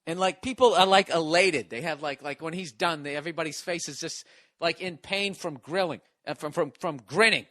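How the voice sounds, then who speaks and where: A man hosting a podcast, telling a story in a casual, profane, animated way that keeps building excitement. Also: a little high, normal speed, no room sound, clean studio sound. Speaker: podcast host.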